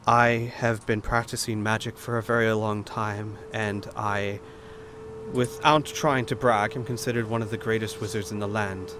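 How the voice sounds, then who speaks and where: A man voicing a soft-spoken old woman wizard. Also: lowish voice, fairly even intonation, normal speed, a little hiss or hum, natural voice. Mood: calm. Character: proud, gentle older woman wizard.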